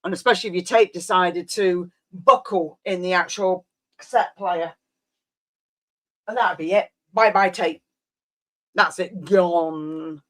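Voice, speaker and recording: A woman's voice: on the low side, measured pace, pauses often. A woman in her fifties, a live streamer rambling and reminiscing in casual chat with her viewers, often trailing off.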